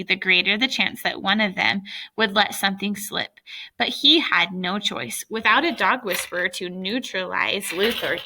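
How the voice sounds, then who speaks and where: A woman reading a children's novel aloud, now and then breaking off to comment with amusement. Her voice is bright and forward, with a touch of vocal fry. The pitch sits in a middle range for a woman. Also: a little hiss or hum. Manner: breaks off to laugh and react. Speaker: reader.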